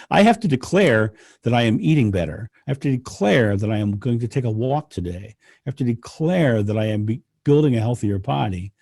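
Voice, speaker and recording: A man, a podcast guest, talking in casual conversation, animated and laughing often as he rants. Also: medium pitch, gravelly, no echo, clean studio sound.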